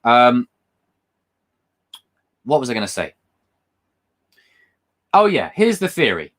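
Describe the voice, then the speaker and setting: A young man hosting a casual livestream, talking excitably and rambling, often repeating himself. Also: medium pitch, slow. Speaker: livestream host. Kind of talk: casual live-stream chat.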